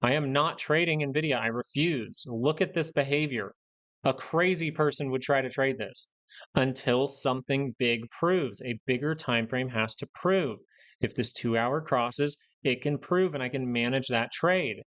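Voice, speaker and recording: A young man hosts a live stock market stream, ranting bluntly and repeating points for emphasis. His voice is medium-pitched and a bit bright, and he speaks a little slowly.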